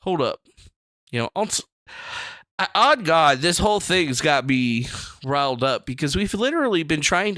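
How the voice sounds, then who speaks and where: A man's voice: on the high side, sharp tone, no room sound. A young man hosting a livestream, ranting in a casual, profane and rambling way from a small room. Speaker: livestream host. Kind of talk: casual political rant.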